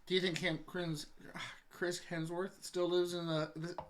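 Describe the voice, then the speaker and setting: A man co-hosting a casual chat show, speaking haltingly and dropping dry quips. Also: sits high, flat delivery, very noisy. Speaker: podcast co-host.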